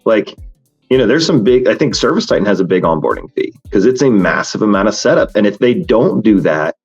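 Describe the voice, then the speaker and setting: A man's voice: fairly low pitch, very animated, fairly quick, vocal fry, darkish tone, breathy edge, highs cut off, faint music behind. A man hosting a podcast in casual chat, talking frankly and rambling with many fillers and restarts. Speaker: podcast host.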